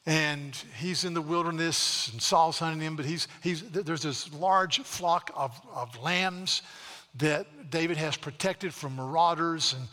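A man's voice: on the high side, unhurried, bright, forceful tone, big-room sound. A man preaching a sermon, dramatically retelling scripture stories, with frequent restarts. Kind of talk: sermon storytelling.

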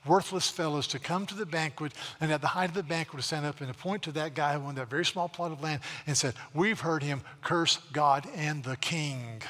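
A man's voice: a little high, sharp tone, in a large hall. A man preaching a sermon, dramatically retelling scripture stories, with frequent restarts. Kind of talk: sermon storytelling.

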